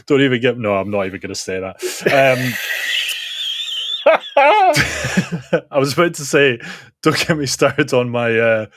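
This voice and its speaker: Male podcast host, jokey and quick, mid pitch, dry close mic. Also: very animated, fairly bright tone, no echo. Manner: jokey, laughs often, quick asides. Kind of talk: casual comedic chat.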